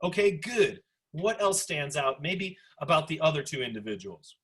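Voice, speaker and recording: A man in his forties leads an online sociology class discussion over a video call. His voice is bright and a bit husky, somewhat high for a man. He talks in a chatty, animated way, full of asides. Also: moderate pace. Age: 40s. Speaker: sociology instructor.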